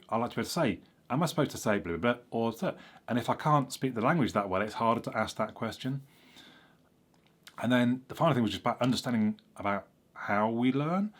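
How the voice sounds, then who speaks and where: A man chatting casually about learning a language, rambling and correcting himself with frequent ums. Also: fairly low pitch. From England. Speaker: vlogger. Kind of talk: casual explanatory chat.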